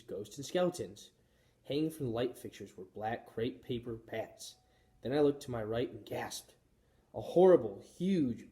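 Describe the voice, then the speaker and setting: A male teacher reading a children's chapter book aloud with expressive storytelling. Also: mid-range voice.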